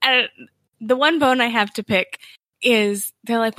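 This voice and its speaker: A woman with a lawyer's background, chatting casually as a podcast co-host, animated and quick to laugh. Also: mid-range voice, no room sound, studio quality. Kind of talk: casual chat.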